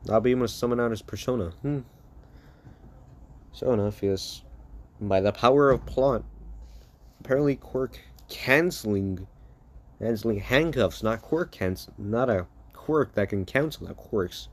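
A man's voice: medium pitch, a little slow, long pauses. A man improvising a fan story aloud, rambling, correcting himself and swearing casually. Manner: rambling, self-correcting, profane.

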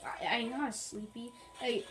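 A woman's voice: on the high side, steady tone, normal speed, poor audio. A woman giving casual, rambling, playful commentary while playing a video game, with jokey asides. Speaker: gaming channel host.

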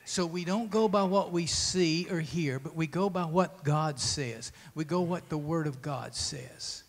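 A male pastor preaching an earnest sermon of exhortation in a church, moving quickly and then slowing down to repeat key lines with emphasis. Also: on the high side. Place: church sanctuary. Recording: reverberant church sanctuary.

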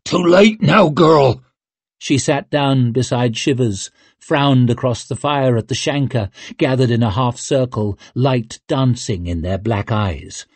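Slow, husky male audiobook narrator. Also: medium pitch, no room sound. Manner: measured, even storytelling. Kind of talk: scripted narration.

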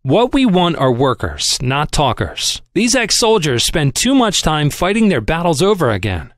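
A man's voice: a little high, sing-song, normal speed, no echo, studio quality. A man voicing a stiff, humorless office manager who complains with cold dignity, in an audiobook reading. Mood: complaining.

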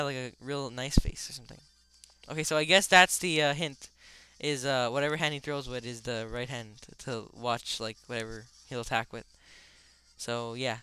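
Young male let's-player, excitable and rambling; crisp, bright tone. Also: mid-range voice. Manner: rambling, full of "like" fillers; excitable outbursts. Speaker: let's play gamer. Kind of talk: casual gameplay commentary.

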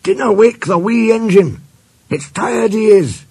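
Brief: Scottish storybook engine, voiced by a man, fussy, hoarse, high voice, dry. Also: a little slow, no echo, exaggerated voice. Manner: hushed and hoarse, then raised.

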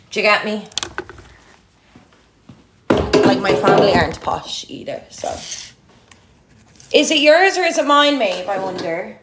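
A young Irish woman with a Louth and Dublin accent, chatting casually to her followers in a rambling way, with lots of "like". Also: medium pitch. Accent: Irish, a mix of Louth and Dublin. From Ireland. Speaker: TikTok creator. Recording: echoey room with clear background noise.

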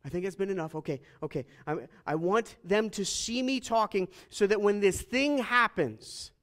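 A man's voice: sits high, moderate pace, a bit bright. A man voicing a casual, chatty man in a humorous retelling, talking in a breezy, joking way.

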